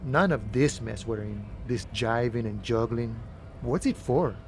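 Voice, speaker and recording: A man's voice: mid-range voice, a little slow, slight background noise, lightly acted. An actor playing a laid-back, philosophical male dock worker in a video game, with an easygoing, folksy manner. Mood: musing. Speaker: game character.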